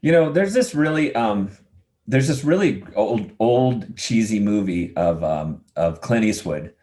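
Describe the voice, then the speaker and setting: A middle-aged man telling stories in a casual interview, lively and quick to laugh, acting out the voices of people he quotes. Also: fairly low pitch. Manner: animated storyteller, acts out quoted voices, laughs easily. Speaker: podcast guest, adventurer.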